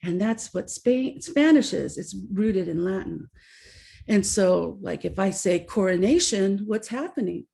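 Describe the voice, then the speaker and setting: A middle-aged woman educator giving a talk, telling anecdotes with lively storytelling and acting out the voices she quotes. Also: medium pitch, unhurried, gravelly. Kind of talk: presentation with anecdotes.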